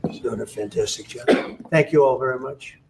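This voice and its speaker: A man's voice: medium pitch, a little fast, vocal fry, heavy background noise. An older man answering reporters at an official event, blunt and dismissive, repeating himself. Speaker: politician at press event. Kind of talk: off-the-cuff remarks to reporters. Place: large official room. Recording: roomy archive press clip with faint ambience.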